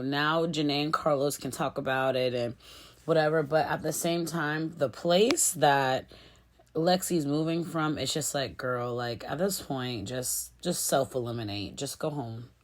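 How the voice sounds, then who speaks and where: A woman chatting casually to her viewers as she recaps a reality show, lively and familiar, calling them y'all and girl. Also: low voice, measured pace.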